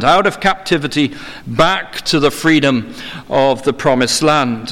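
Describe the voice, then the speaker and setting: A man preaching a sermon in a measured, formal way, slowing down for emphasis. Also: fairly high pitch, a bit bright. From England. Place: church. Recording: long hall reverb.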